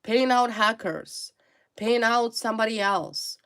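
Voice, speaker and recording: A woman's voice: fairly high pitch, slow, fairly bright tone. Emphatic woman giving a tarot reading. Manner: emphatic and repetitive, hammering single words. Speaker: tarot reader. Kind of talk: direct-to-viewer tarot reading.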